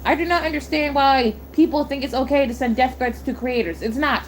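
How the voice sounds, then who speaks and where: Young woman, high-pitched, angry blunt streamer rant, faint hiss. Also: a little fast. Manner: heated, blunt, swearing, repeats itself.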